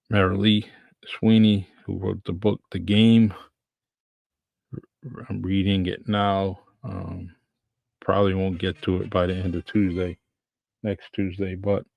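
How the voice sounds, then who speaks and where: A man's voice: sits low, gravelly, darkish tone, husky, no echo. A man with a New England accent hosting his podcast in a casual, rambling solo chat, repeating himself as he goes. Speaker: podcast host.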